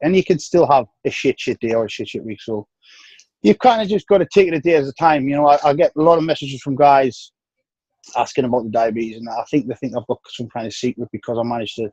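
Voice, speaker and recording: A man's voice: quick pace, warm tone, breathy edge, dry recording. Tired-sounding North East English man. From North East England. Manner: frank, easygoing, drops into low tired tones. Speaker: guest bodybuilder. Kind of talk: casual podcast interview. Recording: dry, dull lo-fi sound.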